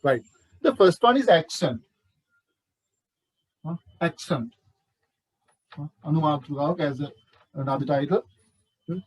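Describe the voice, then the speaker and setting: Slow high-voiced teacher with Sri Lankan accent. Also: male voice, animated, breathy edge, no echo, low-quality recording. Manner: slow, repeats example words, checks students with questions. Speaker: English teacher. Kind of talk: classroom lesson.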